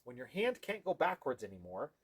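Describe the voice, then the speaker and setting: Medium in pitch with huge swings, a man speaks fairly quickly over slight background noise. He demonstrates dog training, explaining each step to viewers while working with the dog and pausing at times to praise or coax it.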